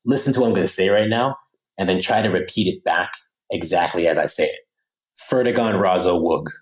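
A low-voiced man from Pennsylvania, USA, talks in an animated way at a quick pace on a rough recording. He's a language teacher appearing as a podcast guest in a casual interview, acting out phrases in other voices.

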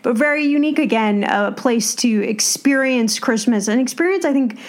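American woman, podcast co-host, brightish higher voice, chatty and loose. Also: normal speed. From United States. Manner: chatty, frequent "you know" and "like". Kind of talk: casual travel podcast chat.

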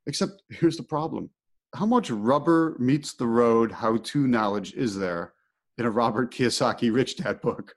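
Middle-aged male host, casual storyteller, animated, mid-pitched voice. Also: normal speed. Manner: animated, acts out his own inner thoughts. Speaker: podcast host.

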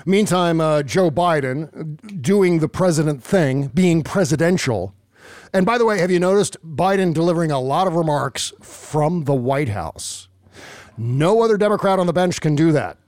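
A man's voice: fairly high pitch, lively intonation, moderate pace, darkish tone, no echo, studio quality. A man hosting a podcast, giving sarcastic, casual political commentary. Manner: sarcastic, wry. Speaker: podcast host.

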